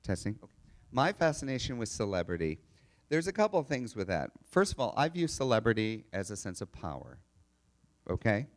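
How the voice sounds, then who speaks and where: A man giving a chatty, animated storytelling talk to a live audience at an expo. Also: lowish voice, brisk. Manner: chatty, animated, restarts and laughs. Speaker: speaker telling stories at an expo.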